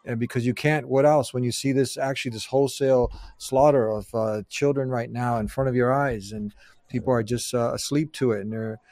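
A man's voice: medium pitch, steady tone, a little fast, a little mellow, no room sound. Earnest man hosting, dry sound. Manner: earnest, questioning. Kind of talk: casual chat.

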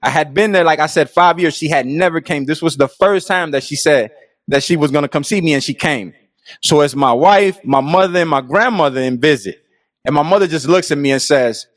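A man's voice: on the high side, a little fast, no echo, clean studio sound. A middle-aged man telling his own life story in an earnest, reflective and casual way. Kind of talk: personal storytelling.

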